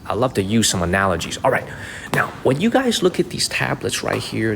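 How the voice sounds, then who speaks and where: A man's voice: lowish voice, huge pitch swings, brisk, vocal fry, fairly bright tone, big-room sound, slight background noise. A man live-streaming a tour of a historic site, chatting, repeating himself and thanking viewers by name. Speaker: livestreaming travel vlogger. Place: outdoors at a historic mausoleum site.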